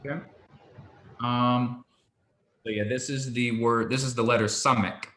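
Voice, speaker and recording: A man teaching a one-on-one Hebrew lesson, patient, explaining slowly and repeating pronunciations for his student. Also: medium pitch, fairly even intonation, fairly bright tone, roomy sound.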